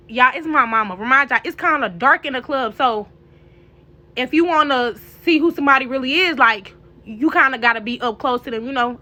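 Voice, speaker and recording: A young woman, animatedly telling a casual storytime to her viewers. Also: high-pitched. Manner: animated, addresses viewers as y'all.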